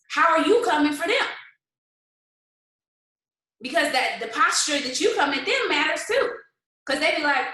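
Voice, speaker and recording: Animated woman pep-talking her sales team on a live stream, echoey room. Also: high voice, moderate pace, long pauses. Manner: animated, talks straight to viewers in the comments. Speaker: network marketing team leader. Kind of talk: motivational livestream talk.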